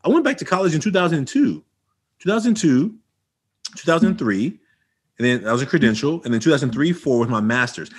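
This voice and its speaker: A man from Oakland, California, a podcast guest telling a story in casual talk, acting out quoted dialogue with big jumps in pitch and often restarting his sentences. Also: lively intonation, fairly quick, husky. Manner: frequent restarts and fillers like "you know" and "right".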